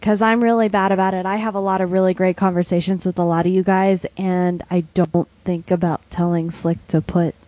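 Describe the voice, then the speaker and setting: A woman co-hosting a casual podcast, chatty and quick with asides. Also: fairly low pitch, little pitch movement, dark tone. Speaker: podcast co-host.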